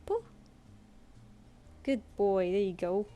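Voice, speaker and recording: A British woman chats loosely on a home live stream, with a mellow, soft-edged tone. She coos at her cat and gives it little commands between asides to her viewers. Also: mid-range voice, slow, slight background noise. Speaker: artist streamer. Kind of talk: casual live-stream chat. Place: home room.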